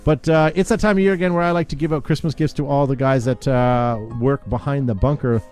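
A man's voice: mid-range voice, steady tone, a little fast, a little mellow, smooth, faint music behind. A man hosting a casual live podcast, joking and handing out gifts to his co-hosts. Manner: upbeat, jokey, handing out gifts on air. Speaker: podcast host. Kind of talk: casual show banter.

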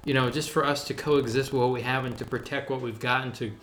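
A man's voice: mid-range voice, fairly even intonation, fast talker, a bit bright. Laid-back young man, casual talk. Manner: laid-back, says "dude" a lot, enthusiastic. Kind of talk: casual chat. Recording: roomy echo.

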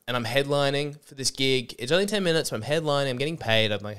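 A man's voice: mid-range voice, lively intonation, fast, hardly any pauses, a bit bright, smooth. A man, feeling a little sick, telling a rambling, sweary comedy story as a podcast host. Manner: rambling, self-interrupting, sweary.

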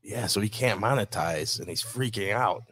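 A man's voice: fairly low pitch, normal speed, a bit bright, husky, dry recording, clean studio sound. A man co-hosting a comedy livestream, chatting in a casual, easygoing way. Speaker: co-host.

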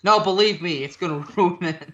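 A French-speaking man co-hosts a radio show, rambling and correcting himself through casual on-air banter. His voice sits high and a bit bright at normal speed, with slight background noise and a slightly dull lo-fi quality.

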